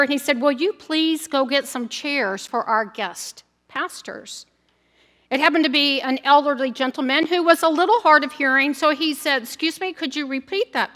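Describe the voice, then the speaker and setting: A woman preaching at an ordination service, telling a light story and then speaking to the congregation. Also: sits high. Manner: warm storytelling with a gentle joke. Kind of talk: ordination sermon. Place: church sanctuary. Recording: church sanctuary with long reverb.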